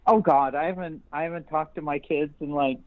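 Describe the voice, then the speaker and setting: A woman from upstate New York, a guest on a casual interview chat, tells stories bluntly, swearing freely and laughing as she goes. Her deep voice is steady and brisk, and the audio is dull, dry lo-fi podcast sound with no room echo. The speaker is tagged as both interview guest and radio host.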